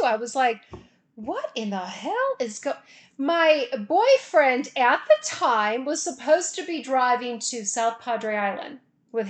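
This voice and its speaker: A woman telling a funny personal story in a casual, animated way, laughing and often checking in with "okay?". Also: fairly high pitch.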